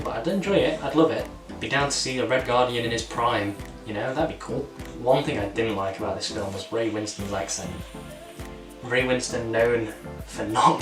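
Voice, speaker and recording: A man with a fairly low voice talks through a film review, eager and loose, full of fillers. He sits some way from the mic in a roomy, echoing space. Music plays clearly behind him. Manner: enthusiastic, rambling with many fillers. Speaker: channel host reviewing a film. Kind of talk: casual movie review. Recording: echoey room, distant mic, music.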